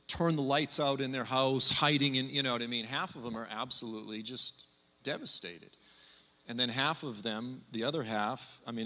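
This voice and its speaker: Man preaching in a reverberant hall. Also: medium pitch. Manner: conversational, animated, many fillers. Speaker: speaker at a church. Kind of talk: sermon talk.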